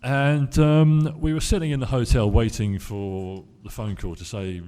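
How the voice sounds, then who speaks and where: A man's voice: mid-range voice, steady tone, measured pace, warm tone. A man on a convention panel telling a long anecdote to a live audience, with restarts and acted-out quotes. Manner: rambling storyteller with restarts, acts out quoted voices. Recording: hall reverb.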